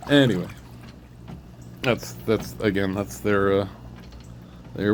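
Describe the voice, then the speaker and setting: A man talking alone in a meandering monologue, drifting between thoughts and breaking in with sudden loud interjections. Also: fairly low pitch, big pitch swings, slow, creaky, pauses often, slight background noise. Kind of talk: rambling solo monologue.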